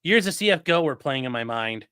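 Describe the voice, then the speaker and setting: Bright-voiced profane man in late 30s. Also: mid-range voice, fairly quick, smooth, dry recording. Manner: profane, animated, gun jargon. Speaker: livestream host. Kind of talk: casual storytelling.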